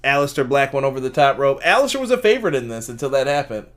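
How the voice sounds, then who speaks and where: A man's voice: mid-range voice, racing. A man hosting a casual live-streamed wrestling review, recapping matches and reacting to chat. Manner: animated recapper who acts out quotes and laughs at chat. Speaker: wrestling review podcast host.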